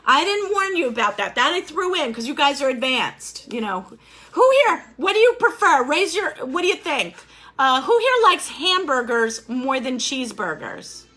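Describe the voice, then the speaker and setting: Woman, teacher, online class, video call, encouraging, high voice, bright tone. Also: big pitch swings, moderate pace. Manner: upbeat, encouraging, quizzing students. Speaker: life skills instructor.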